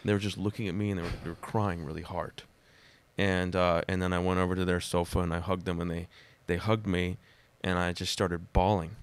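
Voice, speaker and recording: Man, podcast guest, dramatic storyteller, low smooth voice, dry close sound. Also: little pitch movement, fairly quick, no room sound. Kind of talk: casual conversation, personal storytelling.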